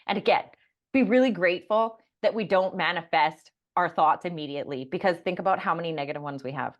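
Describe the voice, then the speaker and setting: A woman's voice: lowish voice, brisk, lo-fi sound. A woman co-hosting a spiritual podcast, telling personal stories in an earnest casual way and swearing casually. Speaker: podcast co-host. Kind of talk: casual chat.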